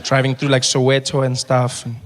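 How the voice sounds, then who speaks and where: A man performing animated stand-up storytelling on a comedy stage. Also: medium pitch, fairly quick.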